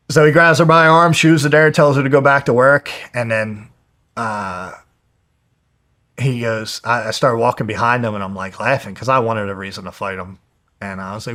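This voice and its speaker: A man in his twenties from New Jersey, a fighter telling a personal story in a candid, animated way, swearing heavily and acting out the people he quotes. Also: mid-range voice, fairly quick. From New Jersey, USA. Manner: heavy swearing, animated retelling with quoted voices. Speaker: guest, pro fighter.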